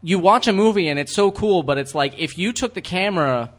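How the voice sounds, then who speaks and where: A man's voice: sits high, animated, brisk. A man co-hosting a movie commentary podcast, telling rambling anecdotes with many restarts. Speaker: podcast co-host. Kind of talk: casual movie commentary chat.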